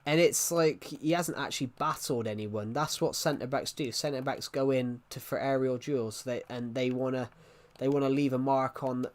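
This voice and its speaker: A man's voice: mid-range voice, fairly even intonation, moderate pace, few pauses. Young male streamer, mid-range voice, rambling and opinionated, chatting with his viewers live. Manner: rambling, opinionated, answering chat comments. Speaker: gaming livestreamer.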